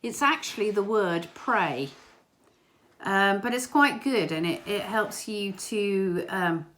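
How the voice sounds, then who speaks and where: A woman giving an informal church talk, earnest and gentle, with small hesitations. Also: medium pitch, lively intonation, slow pace. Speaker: church member sharing a prayer message.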